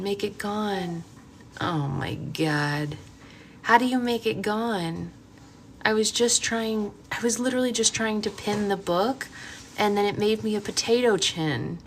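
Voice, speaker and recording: A woman's voice: mid-range voice, slight background noise. A woman in her thirties chatting casually in a vlog as a mom, exclaiming and laughing at herself, switching to sing-song baby talk for her infant. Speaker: mom vlogger.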